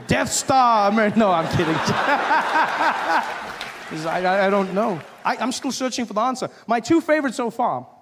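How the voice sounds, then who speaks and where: A man performing a stand-up comedy set in a live venue, playful and acting out characters with sudden shouted outbursts. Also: sits high, slight background noise. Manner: playful, acts out characters with loud shouted bits.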